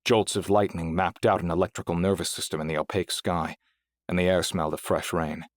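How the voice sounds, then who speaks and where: A man narrating a science fiction audiobook in a steady, even storytelling manner. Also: sits low, brisk, no room sound. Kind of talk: scripted narration.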